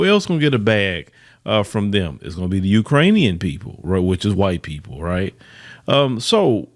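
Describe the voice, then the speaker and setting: A man's voice: fairly low pitch, sing-song, normal speed. A man hosting a podcast, giving emphatic news commentary, reading reports aloud and repeating words for stress. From United States. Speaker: podcast host.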